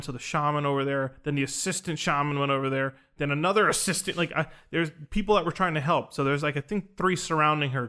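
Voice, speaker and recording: A man's voice: a little high, sharp tone. A young man casually telling a personal story on a podcast, earnest and rambling, full of fillers and restarts. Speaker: podcast host recounting a ceremony.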